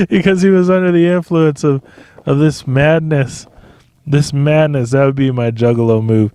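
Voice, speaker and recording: A man's voice: a little high, steady tone, moderate pace, warm tone, clean tone, no echo. A man hosting a solo podcast, rambling and profane, and laughing often at his own jokes. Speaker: podcast host.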